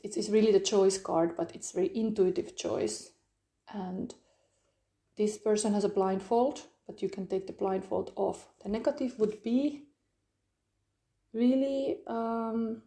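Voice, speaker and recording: Mellow-voiced woman rambling through a tarot reading. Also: medium pitch. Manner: rambling, searching for words, frequent fillers. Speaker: tarot reader. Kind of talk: live-streamed tarot reading.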